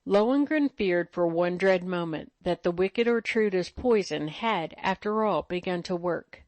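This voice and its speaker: A woman narrating an old legend in a measured, even storytelling manner. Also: on the low side, dry recording. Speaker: audiobook narrator.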